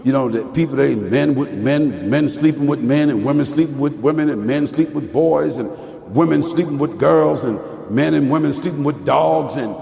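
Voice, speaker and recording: A man preaching a lecture-style sermon, emphatic and full of rhetorical questions, sometimes rising to a shout. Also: a little high, moderate pace, creaky, crowd noise. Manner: rises into shouting at peaks. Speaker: Muslim preacher. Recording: echoey hall with long reverb.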